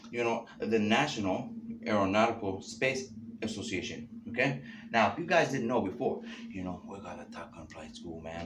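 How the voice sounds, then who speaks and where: Brief: a low-voiced man rambling loosely as host, filler-heavy, steady hiss of background noise. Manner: loose free-associating talk, constant "you know" and "man" fillers. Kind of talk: rambling casual monologue. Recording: noisy background.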